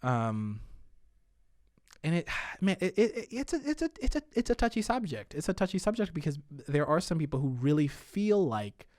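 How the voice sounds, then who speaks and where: A man in his thirties, a podcast guest, talking in a hesitant, halting way with many restarts. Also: fairly high pitch, very animated, darkish tone, no echo, clean studio sound. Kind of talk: casual conversation.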